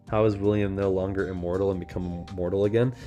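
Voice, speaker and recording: Animated young man streaming casually. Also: deep voice, muffled recording. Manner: animated, laughs often, swears casually. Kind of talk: casual livestream chat.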